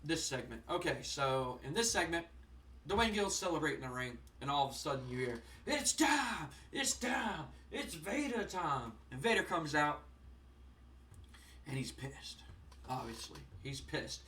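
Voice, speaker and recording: A young man casually commenting on a wrestling management game, rambling with lots of fillers and getting excited. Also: medium pitch, normal speed, far from the mic, slight background noise. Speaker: gaming channel host. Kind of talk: casual let's-play commentary.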